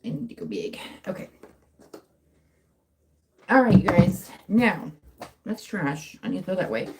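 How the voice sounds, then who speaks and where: A woman's voice: lowish voice, big pitch swings, a little slow, darkish tone, slight background noise. A young woman hosting a casual livestream, chatting in a rambling, self-interrupting way while she crafts at home. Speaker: livestream host. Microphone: phone mic.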